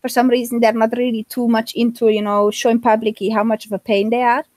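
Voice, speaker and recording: A woman's voice: on the high side, little pitch movement, fast talker, a little mellow, no echo. A woman with a mixed, hard-to-place accent, speaking as a guest in a casual live-stream chat and earnestly explaining her views at length.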